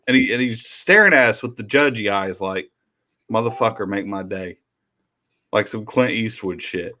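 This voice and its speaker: A man's voice: fairly low pitch, animated, moderate pace, sharp tone. A man hosting a casual podcast chat, reading out list entries and swearing freely. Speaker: podcast host.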